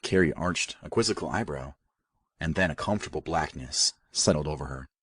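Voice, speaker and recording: Male audiobook narrator, very low and husky, steady delivery. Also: a little fast, no echo, studio quality. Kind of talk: scripted narration.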